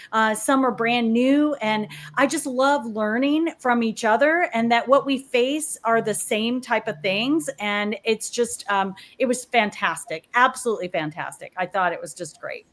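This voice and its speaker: Female guest, higher voice, upbeat and gushing. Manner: enthusiastic, gushing. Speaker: network marketing executive guest. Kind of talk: casual live-stream chat.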